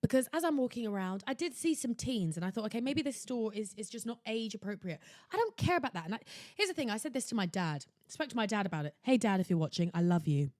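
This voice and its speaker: A woman's voice: mid-range voice, expressive, quick pace, darkish tone, no room sound, studio quality. A young woman hosting her own podcast, ranting theatrically and sarcastically about shopping. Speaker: podcast host. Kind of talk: casual solo podcast rant. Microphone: laptop setup at home.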